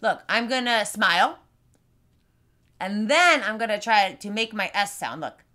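A young woman teaching small children speech sounds through play, with slow, sing-song, exaggerated talk. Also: mid-range voice, animated, sharp tone. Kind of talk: playful lesson for young kids. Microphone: camera in front, leaning close at times.

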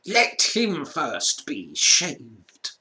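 A man's voice: on the high side, wildly swooping pitch, very slow, pushed and bright, pitched above the performer's own voice, exaggerated voice. A man voicing the cruel, imperious White Witch, a grown woman giving contemptuous orders in a storybook reading. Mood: cold command. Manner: commanding, contemptuous.

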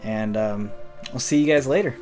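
A man's voice: lowish voice, normal speed, over music. Rambling man reading fan mail. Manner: rambling, self-deprecating, trails off quietly. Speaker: channel host. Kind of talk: casual fanmail reading.

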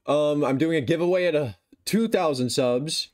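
A young man giving excitable, self-mocking commentary while playing a game, with yelps when he fails. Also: on the high side, moderate pace. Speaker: gaming YouTuber. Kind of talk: casual gameplay commentary. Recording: faint music behind.

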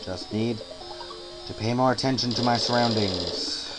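A man's voice: medium pitch, unhurried, poor audio. A man giving casual commentary while playing a hard game, frustrated, swearing, and muttering and humming to himself while worn out from staying up all night. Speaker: let's player. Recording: game music loud underneath. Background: game music.

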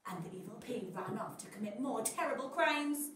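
A woman reading a children's bedtime story aloud in an expressive, dramatic way. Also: fairly high pitch, moderate pace, hardly any pauses. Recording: echoey room, voice from a distance.

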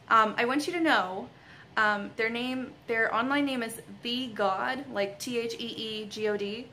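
Bright-voiced young woman gushing to fans. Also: a little high, a little hiss or hum, low-quality recording. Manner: gushing, giggly, full of ums and likes. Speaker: author and vlogger. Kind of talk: casual thank-you vlog to fans.

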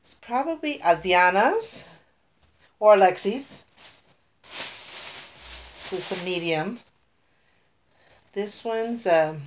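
A woman's voice: mid-range voice, slight background noise. Gushing, teary middle-aged woman. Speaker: vlogger. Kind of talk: casual unboxing vlog.

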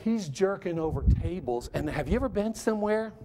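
A male guest preacher gives a lively sermon in a chatty, humorous style. His voice sits notably high. He talks to the congregation as if telling a story among friends. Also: brisk. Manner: animated, joking, conversational.

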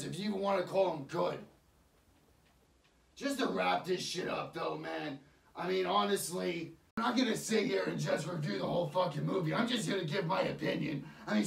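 Gravelly, profane ranting man. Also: high voice. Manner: heavy swearing, heated and mocking. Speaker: online ranter. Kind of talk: profane rant. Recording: echoey room, far from mic.

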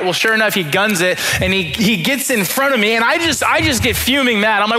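A young man, a high school pastor, preaching a sermon through funny, self-deprecating stories and acting out his own thoughts in quotes. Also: lively intonation, brisk, bright, forceful tone. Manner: humorous self-deprecating storytelling.

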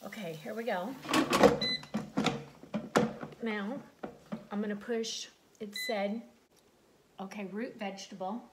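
A woman's voice: medium pitch, fairly even intonation, slow pace, long pauses, reverberant. A woman filming a casual cooking vlog in her home kitchen, chatting and thinking aloud as she reads out the instructions. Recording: loud background noise.

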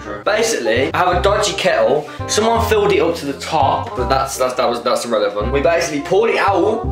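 Young Birmingham lad vlogging at home. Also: male voice, on the high side. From Birmingham, England. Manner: chatty, jokey, bickering. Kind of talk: casual home vlog. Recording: roomy with music behind.

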